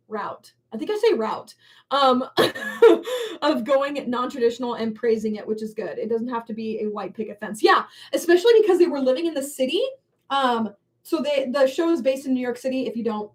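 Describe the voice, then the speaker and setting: High-voiced young woman chatting off-mic. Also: distant mic. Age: young adult. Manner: chatty, lots of "like" and "um" fillers. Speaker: livestream host. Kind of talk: casual get-ready-with-me chat. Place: at home doing her makeup.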